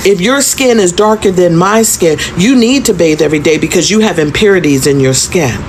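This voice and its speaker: A woman's voice: lowish voice, fairly quick, a little mellow, a little hiss or hum, close to an everyday voice, poor audio. A woman playing a matter-of-fact elderly lady. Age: 70s-80s.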